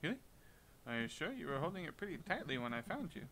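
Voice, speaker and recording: A man voicing a folksy, helpful male fisherman in a game, easygoing and bright toned. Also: fairly high pitch, sing-song, fast, a little hiss or hum, poor audio.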